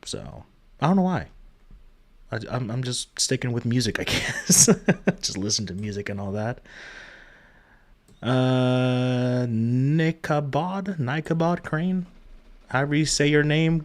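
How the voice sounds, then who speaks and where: A man hosting a casual memorial livestream, greeting viewers in chat one by one, with frequent ums and uhs and a soft, heartfelt manner. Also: mid-range voice, expressive, slow pace, pauses often. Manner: trails off with many ums and uhs. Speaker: livestream host.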